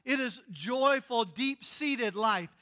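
Male pastor, sermon delivery, high clear tenor, earnest emphatic stresses. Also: lively intonation, slow pace, pushed and bright.

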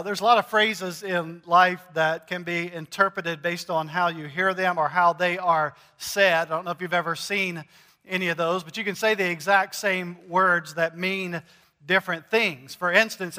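A man's voice: sits high, steady tone, moderate pace, pushed and bright, in a large hall. A middle-aged man, preaching a conversational sermon to his congregation with frequent "uh" fillers and light humor. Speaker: pastor. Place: church sanctuary.

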